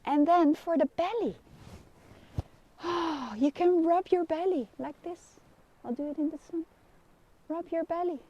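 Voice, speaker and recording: A middle-aged woman with a Dutch accent, a kinesiologist giving a gentle, soothing live lesson and laughing softly now and then. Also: very high voice, measured pace, long pauses, dull audio. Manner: gentle, soothing guidance with frequent soft laughs. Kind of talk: live-streamed wellness lesson.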